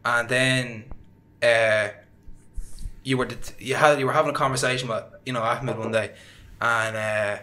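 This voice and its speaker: Young irish man, interview guest, casual rambling storytelling, lots of fillers, mid pitch. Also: steady tone, a little slow, sharp tone. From Ireland. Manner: rambling, chatty, with frequent fillers and self-deprecating laughs.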